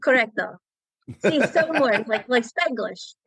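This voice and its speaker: A woman's voice: on the high side, animated, unhurried, vocal fry, fairly bright tone, husky, dry recording. A woman comedian chatting casually as a guest on a podcast, in a joking, teasing way.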